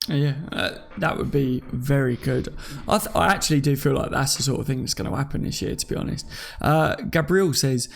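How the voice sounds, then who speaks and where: A man's voice: mid-range voice, brisk, creaky, slight background noise. A man hosting a casual live chat, reading out comments and laughing often. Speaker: podcast host.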